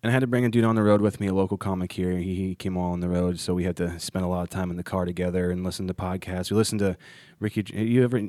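A man's voice: low-pitched, level tone, rapid-fire, darkish tone, no room sound, clean studio sound. A comedian hosting a casual podcast chat, rambling and restarting his sentences often. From Ohio, United States. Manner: rambling with frequent restarts and stammers. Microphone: studio mic.

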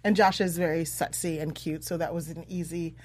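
A woman chatting casually as a podcast co-host, easygoing and quick to agree. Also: sits low, fairly even intonation, darkish tone. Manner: easygoing, agreeable, often says "yes". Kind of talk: casual chat.

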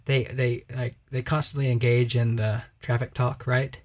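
A man co-hosting a religious podcast speaks emphatically and preachily in casual discussion, acting out quoted voices. His mid-range voice has little pitch movement and a moderate pace, with a crowd audible behind him.

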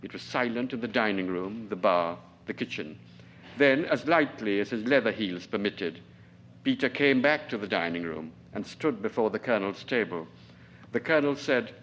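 A man in his forties from Trinidad, reading his own fiction aloud at a lecture in a measured, precise manner. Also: lowish voice, animated, fairly bright tone, slight background noise. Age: 40s. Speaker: novelist, lecturer.

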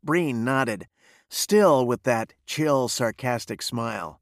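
A man reading a western novel aloud in a steady storytelling manner. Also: medium pitch, slow pace, creaky, dry recording, studio quality. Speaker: narrator.

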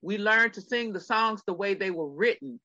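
Emphatic middle-aged woman, bright dry voice. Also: mid-range voice, normal speed, no echo, lo-fi sound. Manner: emphatic, addresses listeners directly. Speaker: podcast co-host. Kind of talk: casual podcast chat.

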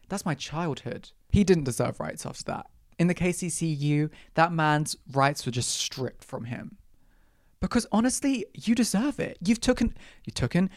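A woman's voice: low-pitched, darkish tone, no room sound, clean studio sound. A young woman hosting a solo podcast, ranting with exaggerated, sweary outrage. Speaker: podcast host. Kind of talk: solo comedic rant.

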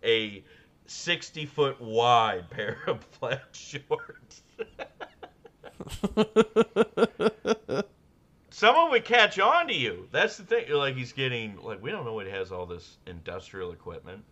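A man co-hosting a podcast in casual comedic chat, riffing sardonically on absurd dark jokes and laughing often. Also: medium pitch, sing-song, slow, long pauses. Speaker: podcast co-host.

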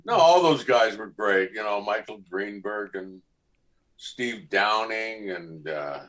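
Middle-aged man, guest actor, low voice, casual storytelling, acts out voices. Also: slow. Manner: animated, acts out voices in anecdotes.

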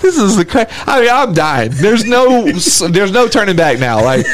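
A man's voice: sits high, big pitch swings, normal speed, crowd noise. A man co-hosting a podcast, telling a story in casual chat, laughing often and acting out voices. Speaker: podcast co-host.

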